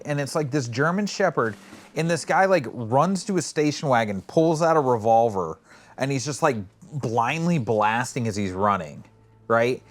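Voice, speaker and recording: A man co-hosting a podcast in casual chat, telling stories in a rambling, animated way and acting out quotes with swearing. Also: medium pitch. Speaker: podcast co-host.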